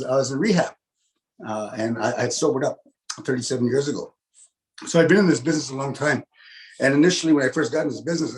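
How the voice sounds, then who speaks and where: A man's voice: on the high side, low-quality recording. A man doing casual stand-up comedy from his home over a video call, chatty with lots of "eh" and "you know".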